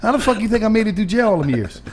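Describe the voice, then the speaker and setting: A young man telling a comedic story in casual chat, animated and acting out his own past voice. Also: high-pitched, very fast, crowd noise. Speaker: storyteller on a podcast panel.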